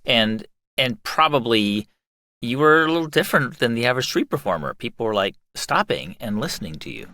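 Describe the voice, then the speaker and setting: Bright, dry-sounding male podcast host. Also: mid-range voice, big pitch swings, fairly quick, no room sound. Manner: chatty, adds context and brief affirmations. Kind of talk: interviewer chat.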